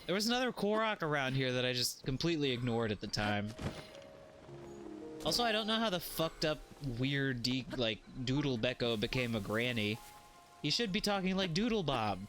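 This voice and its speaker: A man's voice: mid-range voice, sing-song, moderate pace, fairly bright tone, soft background music. A man streaming a game live, rambling in a jokey way, swearing freely and chatting to his viewers.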